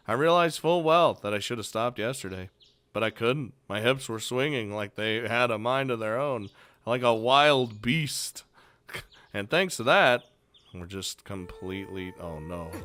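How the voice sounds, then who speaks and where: A man's voice: on the low side, bright, forceful tone. A young man casually commenting and reading aloud while playing a visual novel, joking and rambling. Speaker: let's play host.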